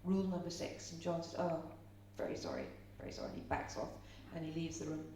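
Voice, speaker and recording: A woman's voice: low-pitched, little pitch movement, fast, dark tone. A middle-aged woman from Ireland giving a live seminar talk, chatty and storytelling, asking the audience questions. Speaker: seminar speaker. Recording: roomy echo, speaker far from mic, faint hum.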